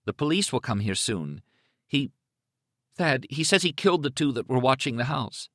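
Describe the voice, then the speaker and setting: A man's voice: mid-range voice, very animated, slow, dry recording, voice pushed up. A man voicing a frightened young mother who sounds harried and close to tears, pleading in a trembling voice.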